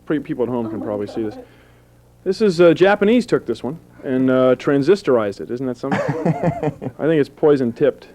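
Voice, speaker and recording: Lively goofy stand-up comic man. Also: moderate pace, slight background noise. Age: 30s. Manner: goofy deadpan jokes with sudden high-pitched character voices. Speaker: stand-up comedian. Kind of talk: stand-up comedy on public access TV. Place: small TV studio with live audience.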